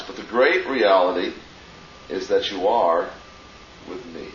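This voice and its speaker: A man teaching a theology class, speaking with deliberate emphasis and dropping in Greek phrases. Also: low-pitched, lively intonation, fairly bright tone, a little hiss or hum. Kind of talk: classroom lecture. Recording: muffled, roomy, distant classroom recording.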